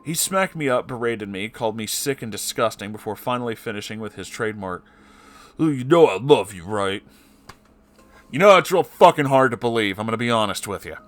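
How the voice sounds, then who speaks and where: A man's voice: on the low side, lively intonation, fast talker, few pauses, a bit bright. A man reading a story aloud and often breaking off to swear and react angrily. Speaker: story reader.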